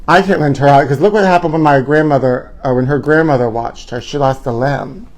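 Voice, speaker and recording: A man's voice: fairly high pitch, a little fast. Campy gossiping man on a live stream. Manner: calls viewers honey and trashies. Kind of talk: casual live-stream chat. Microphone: own camera.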